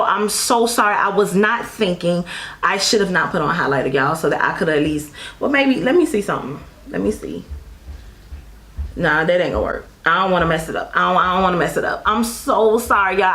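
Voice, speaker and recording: A woman's voice: medium pitch, fairly bright tone. Chatty beauty vlogger woman, echoey room. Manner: chatty and effusive, calls viewers girl and honey; apologetic, rambling asides. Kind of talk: casual makeup review.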